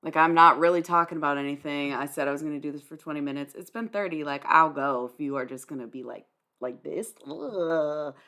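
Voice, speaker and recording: A young woman talks back to her live stream chat, blunt and dismissive. Her voice sits a little low for a woman, and she swears freely with a sarcastic edge. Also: fairly quick, sharp tone. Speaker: livestreamer.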